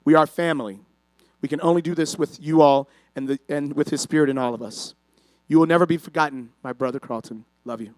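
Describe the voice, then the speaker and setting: Grieving brother, smooth higher voice, measured heartfelt read, dry sound. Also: male voice, steady tone, no echo, low-quality recording. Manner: earnest, emotional, measured reading. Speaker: eulogy speaker, brother. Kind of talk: prepared memorial speech.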